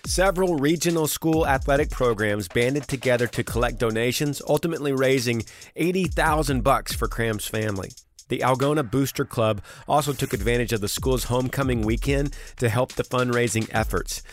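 A man's voice: medium pitch, brisk, slight background noise. A man hosting a late-night radio show, reading news and answering callers in an earnest, folksy way. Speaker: radio host.

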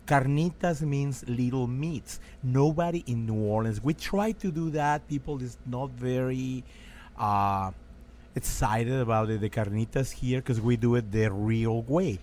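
Animated man with a noticeable noise floor. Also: mid-range voice, measured pace. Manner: animated, repetitive, searching for words. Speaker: restaurant owner, guest. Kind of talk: casual radio interview.

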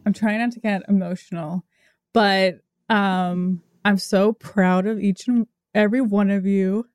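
A woman's voice: mid-range voice, steady tone, a little slow, a little mellow, no room sound. A podcast producer, a woman, talks with open feeling and slips in teasing jokes. Her voice is recorded close and dry, with no room sound. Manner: earnest and emotional, teasing jokes. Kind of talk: casual podcast chat.

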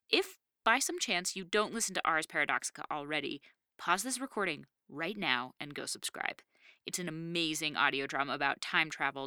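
A woman's voice: low-pitched, bright, forceful tone, clean tone, no room sound, studio quality. A young adult woman hosting a podcast, reading an enthusiastic, upbeat introduction. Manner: enthusiastic, upbeat promotional delivery. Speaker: podcast host.

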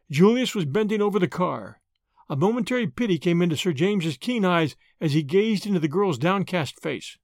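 A man narrating an audiobook in an expressive storytelling way. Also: high-pitched, normal speed, no echo, clean studio sound.

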